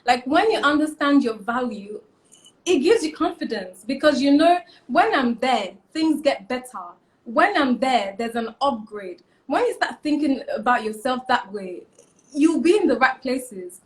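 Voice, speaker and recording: A woman's voice: sits high, measured pace. A young woman, a fashion stylist giving emphatic advice as a guest in a casual interview. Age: young adult. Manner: emphatic, repeats key points, animated.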